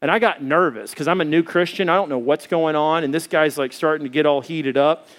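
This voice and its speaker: A male preacher with a fairly high voice tells a story to his congregation. He speaks in a loose, colloquial way and stays animated as he moves into teaching. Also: a little fast. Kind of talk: storytelling sermon.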